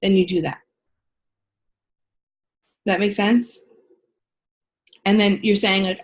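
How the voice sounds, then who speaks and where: A woman's voice: medium pitch, fairly even intonation, takes it slowly, long pauses. A woman coaching a caller on a video call, talking in a direct, frank way and swearing casually. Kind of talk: coaching session on a group call.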